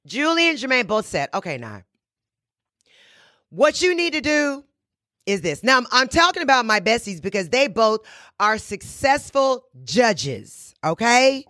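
A woman's voice: fairly high pitch, sing-song, measured pace, fairly bright tone, no room sound, clean studio sound. A woman podcast host talking in a blunt, sassy, emphatic way, repeating phrases for punch. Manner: blunt, boastful self-talk. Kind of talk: casual monologue.

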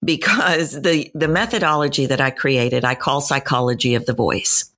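A woman's voice: rumbling low, normal speed. A woman in her fifties with a Texan accent, a voice coach answering interview questions and telling stories with acted-out quotes. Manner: animated storyteller, acts out quoted voices. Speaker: voice and dialect coach.

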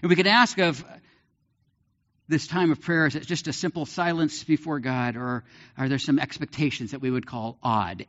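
A male pastor preaching a sermon in an animated way, with big swings in pitch and the odd light laugh. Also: moderate pace. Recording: dull lo-fi sermon recording.

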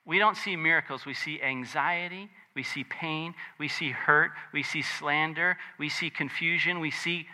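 A man preaching a conversational sermon, animated and chatty, with joking asides. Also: on the high side, normal speed, hardly any pauses. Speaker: pastor.

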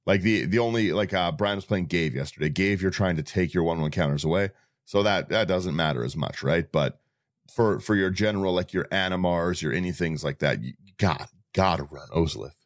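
A man's voice: low voice, a little fast, no echo, studio quality. A man co-hosting a casual group podcast, talking through game strategy with frequent restarts and repeated words. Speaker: podcast co-host. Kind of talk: casual group chat about a card deck.

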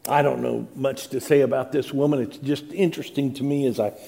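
A man's voice: mid-range voice, fairly even intonation, a little fast, creaky, dark tone. A middle-aged male pastor reading scripture dramatically and preaching with rising emphasis. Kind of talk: sermon.

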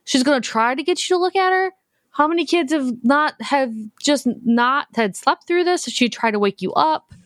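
A woman in her thirties co-hosting a podcast, recapping a horror film in a lively, profane, joking way. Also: high voice, normal speed, no room sound, studio quality. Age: 30s. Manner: profane, animated storytelling. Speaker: podcast co-host.

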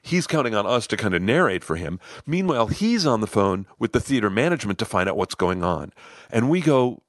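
Middle-aged guy telling a story, lowish voice, really dry close sound. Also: a little fast, dry recording. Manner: animated, acts out other people's lines. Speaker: host, storyteller. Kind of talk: personal story told to listeners.

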